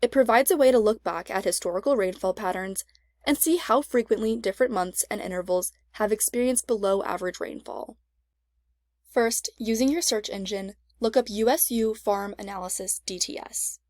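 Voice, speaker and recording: A woman reading a scripted step-by-step software tutorial as an extension instructor, in an even, measured way. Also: mid-range voice, no echo, studio quality.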